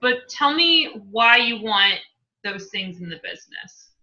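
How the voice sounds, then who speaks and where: A woman hosting a casual interview with a new coach, effusive and encouraging and quick to gush. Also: fairly high pitch, animated, pushed and bright, muffled recording.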